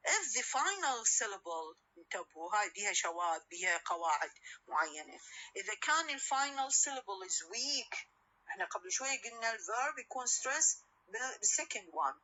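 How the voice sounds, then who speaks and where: Woman lecturer, bright voice, patient explainer who repeats examples and checks understanding. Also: a little high, poor audio. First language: Arabic. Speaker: university lecturer. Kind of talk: classroom lecture.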